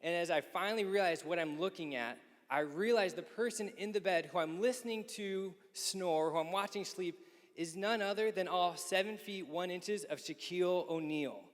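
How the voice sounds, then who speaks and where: A man in his thirties speaking at a youth conference men's session. He tells a lively story and acts out the people he quotes. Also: high voice, moderate pace. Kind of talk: storytelling talk. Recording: echoey hall.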